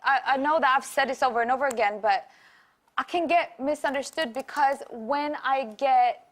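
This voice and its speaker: A woman's voice: high voice, normal speed. A woman talking casually as an evicted contestant, earnest and rambling. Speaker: evicted reality show contestant. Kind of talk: casual interview talk.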